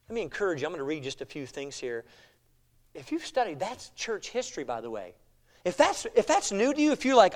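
A middle-aged man preaching from the pulpit in a notably high voice. He swings between loud, emphatic declarations and quieter, intense passages. His delivery is animated and conversational. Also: a little fast. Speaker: pastor. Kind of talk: sermon.

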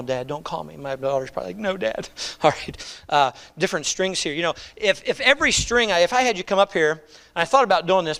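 A middle-aged man preaching a conversational, animated sermon, acting out quoted voices. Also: a little high. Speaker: pastor.

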